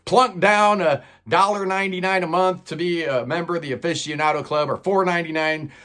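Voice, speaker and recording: A middle-aged man telling stories in a chatty, animated way, often saying "man". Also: fairly high pitch, brisk. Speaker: channel host telling celebrity stories. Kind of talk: casual storytelling monologue.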